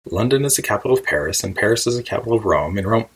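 A man's voice: on the low side, lively intonation, very fast, slightly rough, poor audio. A man voicing a curious, puzzled young girl who frets and wonders aloud in an audiobook reading. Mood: fretful. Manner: wondering, fretful musing aloud.

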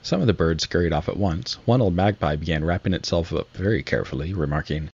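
A man narrating a storybook with a steady, measured reading manner and a husky voice. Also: low voice. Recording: slightly muffled recording.

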